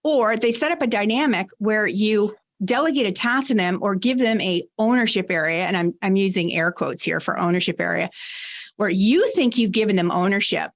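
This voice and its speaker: Measured woman giving leadership advice. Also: medium pitch. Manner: measured, explanatory. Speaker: podcast guest, leadership advisor. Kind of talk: conversational advice.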